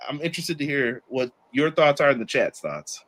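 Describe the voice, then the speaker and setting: A man hosting a podcast, reviewing a wrestling show in a casual chat and acting out the wrestlers in quick put-on voices. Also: mid-range voice, sing-song, a bit bright. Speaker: podcast host.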